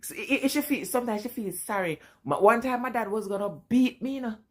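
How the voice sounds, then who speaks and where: A woman's voice: on the high side, quick pace. Laughing woman with a Jamaican accent. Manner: laughs often while telling family stories, animated. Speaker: vlogger. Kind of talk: casual storytelling.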